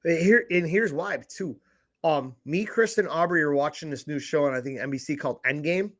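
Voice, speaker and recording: A man's voice: fairly high pitch, moderate pace, a bit bright. A man co-hosting a podcast, blunt and profane in casual chat. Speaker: podcast co-host.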